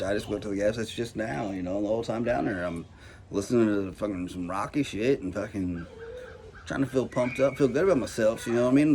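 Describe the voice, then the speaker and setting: A vlogger with a lowish, darkish voice talks a little fast as he rants casually to his camera about anxiety. He swears a lot and rambles, saying "like" and "you know" constantly. Background hiss runs noisily under the recording.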